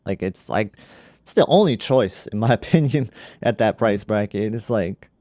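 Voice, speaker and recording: A man's voice: on the low side, animated, moderate pace, mellow, no room sound, clean studio sound. Laid-back man on a tech livestream. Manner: laid-back, laughs often, says "like" a lot. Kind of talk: casual livestream chat. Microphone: studio microphone.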